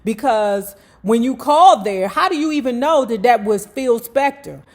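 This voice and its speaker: A woman's voice: a little high, lively intonation, normal speed. A woman reading a memoir aloud to her viewers. She breaks off into chatty, slangy, profane asides. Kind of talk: reading aloud with casual commentary.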